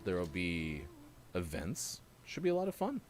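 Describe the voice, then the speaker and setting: Man hosting a morning show, lively up-and-down delivery, jokey, faint music underneath. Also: sits low, moderate pace. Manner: jokey, self-mocking. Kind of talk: casual chat, reading birthdays.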